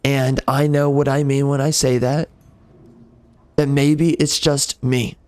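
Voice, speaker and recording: A man's voice: mid-range voice, level tone, takes it slowly, a little mellow, dry recording. A man who hosts a gaming channel, delivering a bitter, profane rant at his viewers. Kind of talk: angry rant to the audience.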